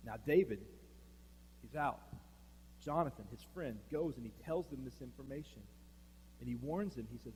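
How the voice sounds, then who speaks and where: A man's voice: a little high, expressive, brisk, warm tone. A man preaching a sermon as pastor, telling a story in a conversational way, acting out quoted lines and asking the room questions. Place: church sanctuary. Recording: reverberant hall, faint hum.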